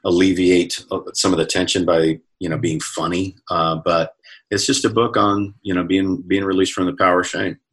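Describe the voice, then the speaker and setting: A man's voice: low-pitched, flat delivery, moderate pace, fairly bright tone, slightly rough. A man who is a comedian and author, telling candid, reflective stories in a casual interview over a video call. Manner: chatty, reflective anecdotes with self-quoting.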